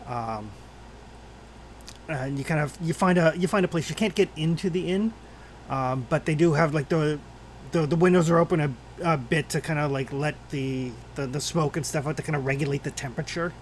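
A man's voice: a little high, normal speed, a little hiss or hum. A man narrating and ruling as game master in a tabletop game, talking with many fillers and restarts.

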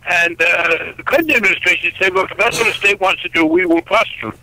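An older man in his seventies speaks over a telephone line with a high, very sharp and bright voice. He is blunt and wry, emphatic, often stumbling through restarts. The sound is dry and close. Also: quick pace, no room sound. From United States. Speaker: congressman, interview guest. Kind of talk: political interview by phone.

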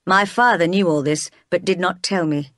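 A woman reading aloud as a brooding, passionate gentleman who is quick to anger, in her own plain voice. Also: on the low side, no echo, clean studio sound, lightly acted.

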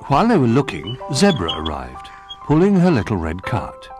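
A man narrating a children's storybook in an expressive, lilting way. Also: mid-range voice, moderate pace, music in the background.

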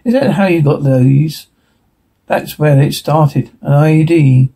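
Man, husky voice, slightly high, reading a transcript aloud, hurried, stumbling. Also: dark tone, rough recording. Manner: rushed reading with stumbles and restarts. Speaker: reader.

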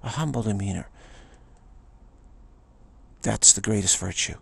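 Gravelly low-voiced man giving a rambling spiritual talk. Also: measured pace, a bit bright. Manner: rambling, repetitive, acts out quoted voices. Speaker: spiritual teacher.

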